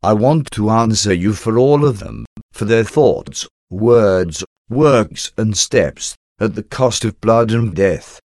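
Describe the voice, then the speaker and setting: A man voicing a gentle, suffering Jesus in a slow, solemn, tender reading. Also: lowish voice, expressive, no echo, clean studio sound.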